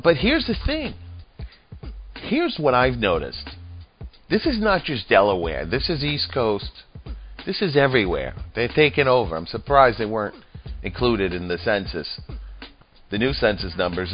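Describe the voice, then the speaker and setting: Guy with a lowish voice rambling crude jokes, muffled lo-fi audio, faint music behind. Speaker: commentator. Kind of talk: profane comedic political commentary.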